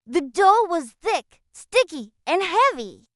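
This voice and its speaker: A woman narrating a children's storybook, expressive and playful with sound-effect words. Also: very high voice, takes it slowly, dry recording, clean studio sound.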